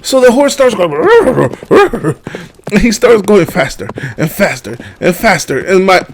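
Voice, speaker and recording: A man from the Dominican Republic telling a comedic childhood story, animated and laughing often with casual fillers. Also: sits high, takes it slowly, gravelly, slight background noise.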